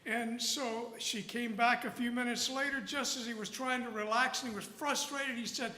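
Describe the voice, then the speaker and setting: A man's voice: very high-pitched, fairly even intonation, normal speed, pushed and bright. A man preaching a sermon as a guest preacher, telling a folksy story with rising emphasis. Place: church sanctuary. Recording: echoey church hall with long reverb.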